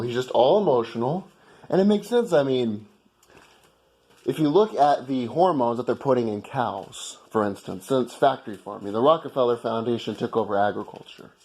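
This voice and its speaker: A man's voice: medium pitch, darkish tone. A man from the United States telling a story in a heated, profane rant to the camera. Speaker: vlogger. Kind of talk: ranting monologue.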